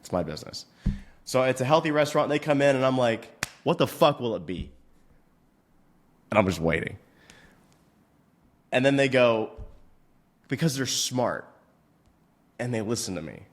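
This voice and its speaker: A man's voice: mid-range voice, lively intonation, normal speed, long pauses. A male fitness coach in a profane, mock-outraged comedic rant, swearing constantly.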